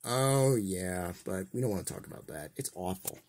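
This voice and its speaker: A man's voice: sits low, moderate pace, a little mellow. A man voicing a cheerful male mayor toy in a fan toy play, casual and upbeat as he announces news.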